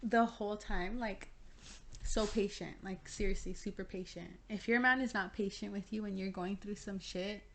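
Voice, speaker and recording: A woman's voice: medium pitch, fairly even intonation, moderate pace, slight background noise. A young woman co-hosting a podcast in casual chat, chatty and giggly, with lots of fillers. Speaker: podcast co-host.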